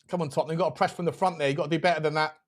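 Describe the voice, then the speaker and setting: Chatting over the match during a live football watchalong, this fan channel host is excitable and animated, laughing and swearing readily. He speaks with a voice on the high side.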